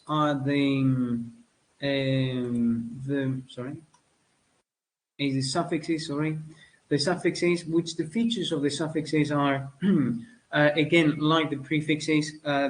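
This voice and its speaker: A man from Spain teaching a lesson, with many fillers, pauses and self-corrections. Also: on the high side, fairly bright tone, rough recording. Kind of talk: spoken lecture.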